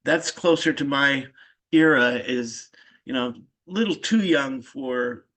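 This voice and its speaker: A man's voice: mid-range voice, takes it slowly, a bit bright. A man in his sixties hosting an interview, asking rambling questions full of fillers. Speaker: podcast host. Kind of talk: casual interview conversation.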